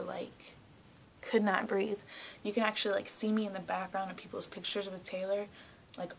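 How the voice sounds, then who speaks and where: Brief: young woman from South Carolina, excitable vlogger, filler-heavy, mid-pitched voice with breathy hushed asides. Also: a little hiss or hum, low-quality recording. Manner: excitable, gushing, heavy use of "like". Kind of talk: casual storytelling vlog.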